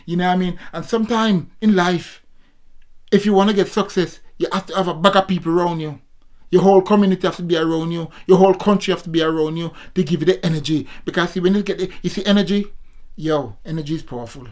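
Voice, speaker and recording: A man's voice: sits high, fast talker, darkish tone. A Jamaican man around sixty, a former amateur boxer, talking to his viewers in a casual vlog monologue, preachy and repetitive, always calling out to his audience. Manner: preachy, repetitive, keeps addressing viewers as people.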